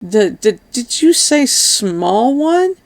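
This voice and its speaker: A woman's voice: lowish voice, normal speed, creaky, a little mellow. A woman voicing an eager, awkward young man who speaks in an earnest, hesitant way, in an audiobook.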